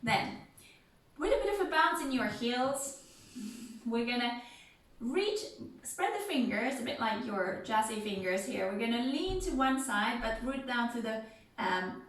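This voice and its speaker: A slightly high-voiced woman guides a seated movement class at an unhurried pace, counting out steps and chanting rhythm syllables. Her voice sounds distant from the mic in a very echoey room, with faint music underneath. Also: animated. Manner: gentle, counts beats and sings rhythm syllables.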